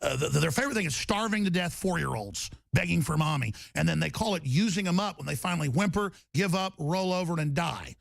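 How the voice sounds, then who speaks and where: Brief: high-voiced gravelly male radio host, heated, stammering, erupts into yelling, dry mic. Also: expressive, quick pace, few pauses, no echo. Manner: intense, stammering, bursts into shouting. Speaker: radio talk show host.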